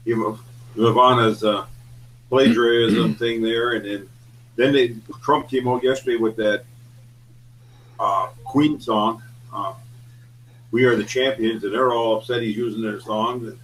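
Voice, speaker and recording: A man's voice: mid-range voice, fairly even intonation, measured pace, pauses often, fairly bright tone, a little hiss or hum, poor audio. A man, a roundtable regular chatting and telling stories with a laugh. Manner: chatty storyteller, laughs while talking. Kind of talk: casual radio roundtable chat.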